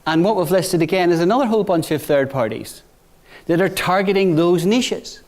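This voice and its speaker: A middle-aged man giving a business talk to new graduates, conversational, often checking in with "right?" and dropping quiet for anecdotes. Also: high voice, normal speed. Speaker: bank executive speaking to graduates.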